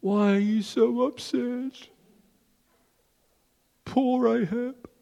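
Guy doing a sly high falsetto queen, coaxing, big hall echo. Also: steady tone, very slow, creaky, dark tone, full character voice. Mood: mock pity. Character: scheming queen, woman, sly and soothing. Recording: long hall reverb.

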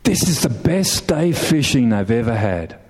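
A middle-aged man preaching a sermon, telling a story with animated emphasis, asking the listeners questions and laughing now and then. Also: mid-range voice, unhurried. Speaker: pastor.

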